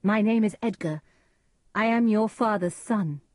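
Woman doing bold young avenger, forceful, raised voice. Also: mid-range voice, a little slow, no echo, voice pushed up, close to an everyday voice. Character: young nobleman with hidden face, bold avenger.

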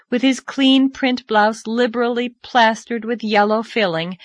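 A woman narrating a classic novel aloud in a measured, expressive storytelling voice. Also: mid-range voice, no echo. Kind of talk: audiobook narration.

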